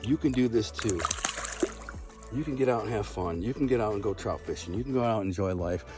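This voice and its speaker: A man, talking casually to camera outdoors by a river, excited and rambling, often repeating himself. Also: on the low side, quick pace, over music. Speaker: vlogger. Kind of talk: casual outdoor vlog narration.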